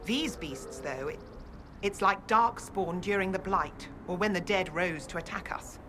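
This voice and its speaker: A woman's voice: lowish voice, unhurried, pushed and bright. An actress playing a grim, weary woman who leads farmers in a video game, speaking stern and matter-of-fact. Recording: game audio with background noise.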